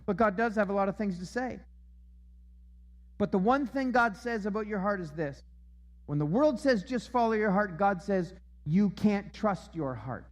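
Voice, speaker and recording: A man's voice: high voice, lively intonation, moderate pace, in a large hall. A man preaching a sermon as pastor, emphatic and repeating his key phrases. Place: church auditorium.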